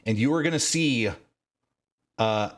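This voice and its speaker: A man narrating as game master of a tabletop game, measured and dramatic, with frequent fillers. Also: mid-range voice, animated.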